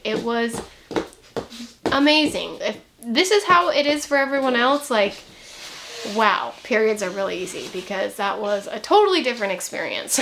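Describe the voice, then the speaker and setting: A young woman vlogging to camera in a chatty, rambling way, talking quickly and laughing now and then. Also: fairly high pitch, fairly bright tone, a little hiss or hum. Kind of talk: casual chat to camera.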